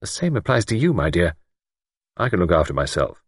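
Male reader playing a sharp, impatient young woman with a lively, husky lilt. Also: low voice, brisk, dry recording, studio quality, heavily acted. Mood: wry. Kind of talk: audiobook character voice.

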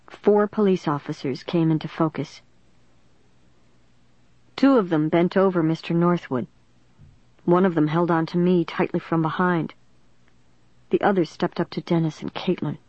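A reader narrating a suspense novel in the first person, with steady dramatic storytelling. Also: mid-range voice, no room sound. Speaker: audiobook narrator. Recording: dry, dull lo-fi recording.

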